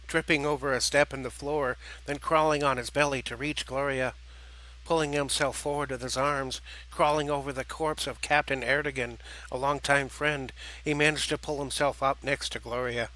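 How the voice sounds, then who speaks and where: Guy reading a sci-fi audiobook, bright sharp voice, steady dramatic pace. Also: medium pitch, poor audio. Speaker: narrator. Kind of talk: audiobook narration.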